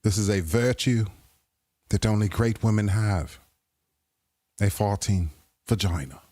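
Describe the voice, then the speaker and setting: Guy on a live stream cracking crude jokes, laughs a lot, slow talker, dry close sound. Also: fairly low pitch, mellow, no room sound. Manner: playful, keeps breaking into laughter; crude joking banter. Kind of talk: casual reaction commentary.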